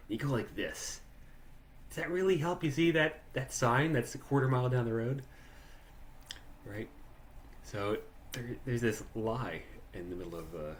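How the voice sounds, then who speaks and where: A man's voice: on the low side, a little hiss or hum. A man leading a live workshop for musicians, talking conversationally with many restarts and questions to participants. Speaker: workshop leader. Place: online live workshop, video call.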